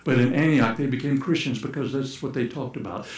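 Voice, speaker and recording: A man preaching a sermon in a church, telling stories with humor and sometimes shouting out playful calls to act them out, then reading scripture aloud. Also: medium pitch, a little fast. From United States. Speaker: pastor. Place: church sanctuary. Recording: echoey church room.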